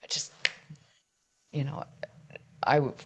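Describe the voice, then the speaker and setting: A woman in her fifties, a musician guest in an interview, talking candidly and rambling with many restarts as she tells her story. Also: slow pace.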